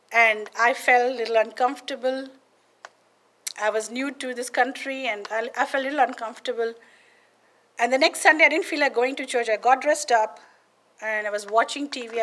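Woman preacher, higher voice, earnest testimony sermon with frequent calls of "Amen?". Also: a bit bright. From India. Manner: emphatic, keeps asking "Amen?" of listeners. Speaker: podcast preacher.

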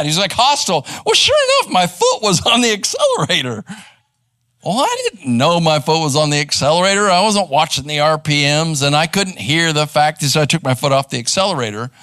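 A middle-aged man, a pastor teaching live in church, conversational and animated as he tells a story. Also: fairly high pitch, fairly quick, no echo. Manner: animated, conversational, acts out quoted voices. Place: church sanctuary.

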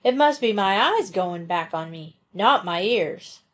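A woman voicing a stubborn, grumbling old male farmer in a storybook reading, who talks slowly. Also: mid-range voice, expressive, lightly acted. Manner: slow, stubborn, dialect-tinged grumbling.

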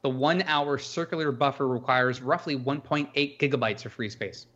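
A man co-hosting a casual podcast, explaining things in a halting way with many restarts. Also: mid-range voice, fairly bright tone, highs cut off. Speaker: podcast co-host.

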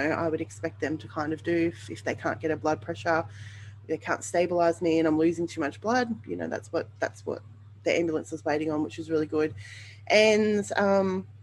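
Woman, podcast host, personal storytelling, candid, lots of fillers, lowish voice. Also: a little hiss or hum, low-quality recording. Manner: candid, rambling, with many ums and you-knows.

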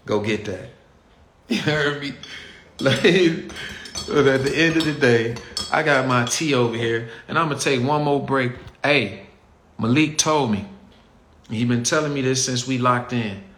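A man's voice: mid-range voice, measured pace, fairly bright tone. A man with a Chicago accent hosting his own show, talking to listeners in a blunt, heated, slang-heavy rant. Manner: blunt, heated, slangy, talks straight to the audience. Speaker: podcast host. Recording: echoey room with faint ambient noise.

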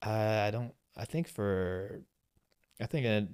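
Smooth-voiced young man sharing openly. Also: lowish voice, lively intonation, a little mellow. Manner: candid, halting, restarts often. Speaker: podcast co-host. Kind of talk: casual chat.

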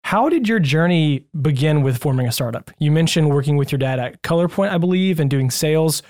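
A male podcast host with a slightly higher-pitched voice, running a loose, friendly interview. He sounds upbeat and chatty and fires off questions with plenty of enthusiasm. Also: expressive, brisk, darkish tone.

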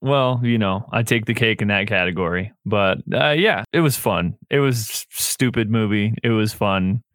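A man's voice: on the low side, normal speed, fairly bright tone, no echo, clean studio sound. A man co-hosting a horror movie podcast, chatting in an easygoing way and laughing often. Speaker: podcast co-host. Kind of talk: casual chat.

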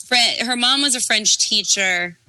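A woman co-hosting a casual comedy podcast, speaking in a dry, sarcastic, drawn-out way. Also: on the high side, sharp tone, no echo, rough recording. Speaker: podcast co-host.

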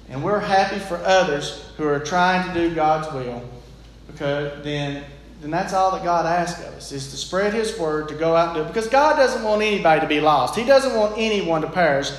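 High-voiced preacher in an echoey room. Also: male voice, animated, moderate pace. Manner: earnest, plain-spoken, folksy. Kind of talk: sermon.

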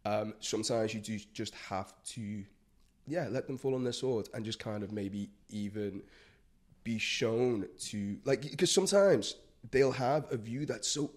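Man telling a lively story. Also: lowish voice, unhurried. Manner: animated storytelling, acts out quotes, swears, many fillers. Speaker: freelance broadcast journalist, guest. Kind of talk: casual podcast chat.

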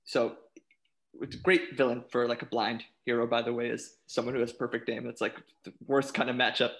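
A man chatting casually on a podcast, animated, often restarting his sentences and laughing. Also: mid-range voice, fairly quick. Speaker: panelist.

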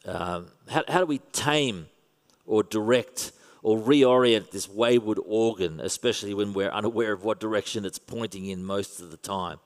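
An Australian man preaches in an easy, conversational tone with touches of wry humour. His voice sits low. The sound carries a long hall reverb. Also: moderate pace. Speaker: pastor. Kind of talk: sermon.

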